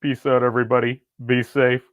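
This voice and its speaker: A man's voice: medium pitch, level tone, fairly quick. A middle-aged man hosting a casual online commentary video, talking in rambling, wry asides.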